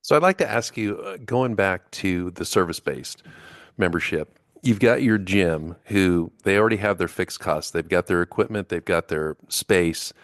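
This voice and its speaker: A male podcast host with a very deep voice. The sound is dry and close. He builds his question slowly through everyday examples. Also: a bit bright, no echo. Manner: thinks aloud, rambling examples. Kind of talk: interview questions.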